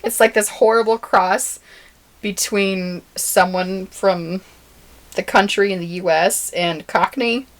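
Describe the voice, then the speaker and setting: A woman's voice: medium pitch, steady tone, slow. Chatty woman podcast co-host. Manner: chatty, laughs often, reads facts she looked up. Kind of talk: casual chat.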